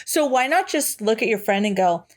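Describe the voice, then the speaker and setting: A woman's voice: a little high, animated, moderate pace. A woman co-hosting a podcast, chatting casually about a horror film. She swears freely and breaks into laughter often. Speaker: podcast co-host. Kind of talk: casual chat.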